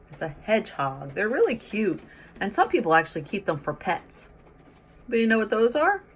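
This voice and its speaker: A woman's voice: lowish voice, a little hiss or hum. Woman reading a picture book to children. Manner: lively, coaxing, asks children questions and praises answers. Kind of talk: read-aloud storytime with questions.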